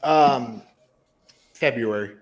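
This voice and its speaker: A man's voice: mid-range voice, very slow. A man chatting on a group livestream call, wry and teasing. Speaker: guest on a livestream chat. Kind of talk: casual group call chat.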